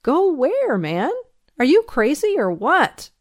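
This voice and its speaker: A woman reading the part of a gruff but fatherly male country sheriff, with a folksy, drawling way of talking. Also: mid-range voice, big pitch swings, unhurried, no echo, studio quality. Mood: wry, pressing.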